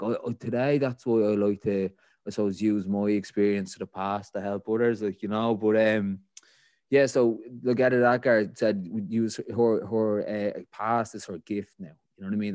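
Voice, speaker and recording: A man with a Dublin Irish accent and a lowish voice tells his own story candidly as a podcast guest. He rambles, leaning on "like, you know" fillers. The sound is dry and close, with no room around it. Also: darkish tone, no echo. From Ireland.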